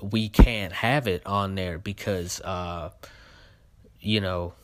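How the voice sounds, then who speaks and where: A man's voice: deep voice, steady tone, slow pace, a bit bright, dry recording. A young man hosting his own show, giving a casual spoken review of a trailer, full of fillers and heated complaints.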